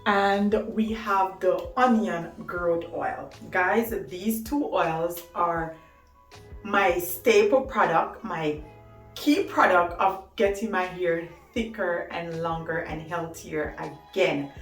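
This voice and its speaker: A woman's voice: fairly low pitch, takes it slowly. A woman talking to camera about hair care, chatty and enthusiastic, often laughing. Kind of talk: casual talk to camera. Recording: roomy echo, mic at a distance, faint music.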